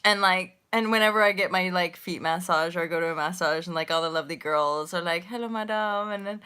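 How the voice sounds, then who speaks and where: Woman in her forties, livestream host; bright, chatty, slangy, laughs easily. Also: on the low side, fairly even intonation, fast, smooth. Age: 40s. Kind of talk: casual livestream chat.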